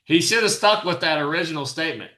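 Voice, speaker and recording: A man's voice: fairly high pitch, animated, quick pace, pushed and bright, echoey room. A man hosting his own commentary show, reacting to video clips with exasperated, sarcastic and preachy remarks. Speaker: host and commentator.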